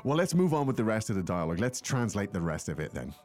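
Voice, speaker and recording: A man's voice: fairly low pitch, big pitch swings, quick pace, darkish tone, soft background music. A man co-hosting a language-learning podcast, explaining phrases in a playful, joking way. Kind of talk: casual teaching chat.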